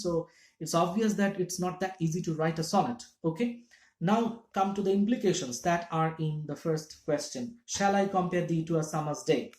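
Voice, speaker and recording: A man's voice: sits high, a little mellow. A man teaching literature in a classroom-lecture style, explaining step by step and checking in with his listeners. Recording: echoey room.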